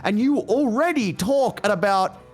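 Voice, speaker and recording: A man's voice: high voice, expressive, moderate pace, faint music behind. A man chatting casually as an interview guest, rambling with restarts, asides and swearing. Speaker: interview guest, YouTuber and voice actor. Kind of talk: casual chat.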